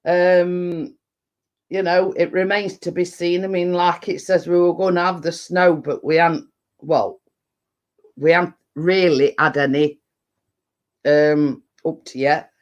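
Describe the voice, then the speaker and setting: A middle-aged woman with a Yorkshire accent and a slightly deep voice, chatting casually on a livestream and rambling with lots of fillers. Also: steady tone, a little slow, highs cut off. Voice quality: a bit deep. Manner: rambling, full of fillers and restarts. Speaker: livestream host. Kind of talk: casual live chat.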